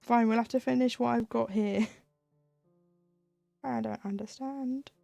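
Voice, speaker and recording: Lady chatting while she stitches, bit of fry in her voice, dry sound. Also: fairly high pitch, fairly even intonation, measured pace, dark tone, dry recording, faint music behind. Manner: chatty, ranting, laughs often. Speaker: cross-stitch streamer. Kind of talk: casual chat while stitching.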